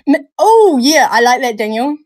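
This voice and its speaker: Brief: New woman co-hosting a live chat show, higher voice, dry close sound, giggly and chatty. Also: very animated, moderate pace, darkish tone, no room sound. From New Zealand. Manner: bubbly, laughs often, calls people darling. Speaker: livestream co-host. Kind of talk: casual live-stream chat.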